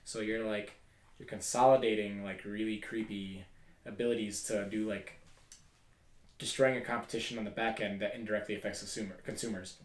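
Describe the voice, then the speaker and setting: A man's voice: fairly low pitch, little pitch movement, a little fast, roomy sound. A man hosting a podcast, chatting casually and rambling at length with many fillers. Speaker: podcast host. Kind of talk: casual chat.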